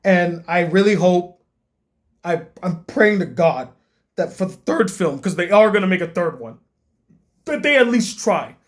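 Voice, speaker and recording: Male critic, exasperated profane rant, breaks into shouting, comedic. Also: sits high, moderate pace. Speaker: film critic.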